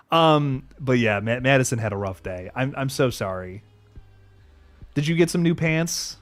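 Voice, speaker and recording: A man's voice: medium pitch, expressive, normal speed. A young adult man hosting a live horror stream, chatting casually with frequent swearing and restarts, faint music underneath. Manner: laid-back, swears often, many restarts. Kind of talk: casual livestream chat.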